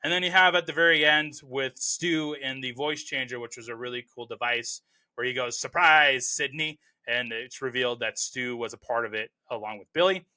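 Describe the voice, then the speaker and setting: Upbeat bright-voiced man reviewing movies. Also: mid-range voice, steady tone, fairly quick. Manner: rambling and enthusiastic, heavy on "you know" and restarts. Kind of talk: casual spoken film review.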